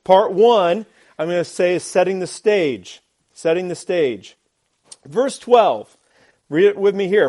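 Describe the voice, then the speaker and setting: High-voiced man preaching a sermon. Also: expressive, takes it slowly, a little mellow. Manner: emphatic preaching with rhetorical questions and repetition; uses a glove as a prop. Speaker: pastor.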